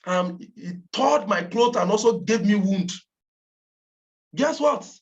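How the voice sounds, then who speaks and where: A woman with a Nigerian accent coaches her team in an emphatic, insistent way and drives each point home by repeating it. Her voice sits at an ordinary middle pitch. The recording sounds dull and lo-fi. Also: normal speed. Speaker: campaign trainer. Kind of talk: motivational training talk.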